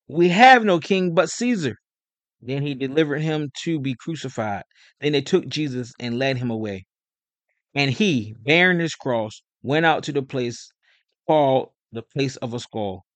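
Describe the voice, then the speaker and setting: A man's voice: mid-range voice, no echo. Man reading scripture steadily. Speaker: scripture reader.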